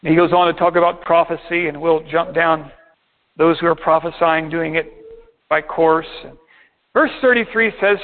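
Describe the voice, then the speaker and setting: A man with a high-pitched voice preaches to his congregation as their pastor, reading out verses and explaining each one in turn. He slows down to stress his key points. The sound is thin and tinny, like a phone line. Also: fairly even intonation. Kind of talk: sermon.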